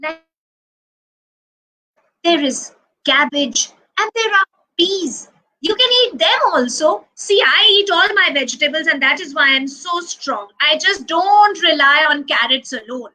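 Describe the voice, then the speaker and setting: A woman's voice: high voice, animated, a little slow, sharp tone, exaggerated voice, rough recording. A woman voicing a cheerful, sensible male rabbit in a children's story, reassuring and coaxing.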